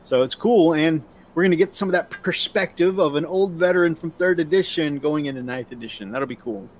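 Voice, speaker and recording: A man's voice: fairly high pitch, brisk. A man hosting a live-stream chat, talkative and upbeat, reading viewer comments aloud. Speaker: host.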